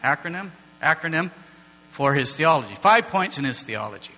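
A man's voice: on the high side, very animated, normal speed, bright, forceful tone. A man giving an informal, digressive church class from slides, joking with his listeners as he goes. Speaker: church teacher. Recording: long hall reverb, mains hum.

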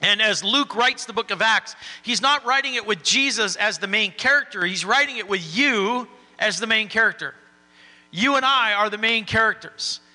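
A man's voice: high voice, normal speed, sharp tone, big-room sound. A man preaching a sermon in a folksy, encouraging way.

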